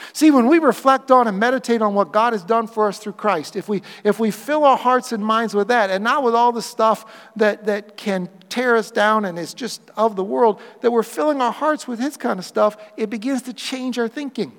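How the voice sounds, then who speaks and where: Male pastor, high voice, lively sermon delivery with playful acted-out asides, long hall reverb. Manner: animated preaching, acts out quoted voices for humor.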